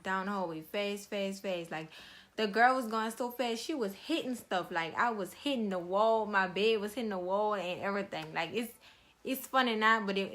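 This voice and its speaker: A woman's voice: on the high side, sharp tone. A young woman telling her own story in a casual vlog, slangy and conversational with lots of fillers.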